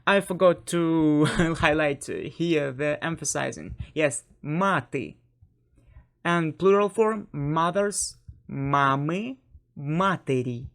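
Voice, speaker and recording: Slow-speaking Ukrainian-accented woman teacher. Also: low voice. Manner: hesitant, many fillers and self-corrections, light laughs. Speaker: language teacher. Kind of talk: online language lesson.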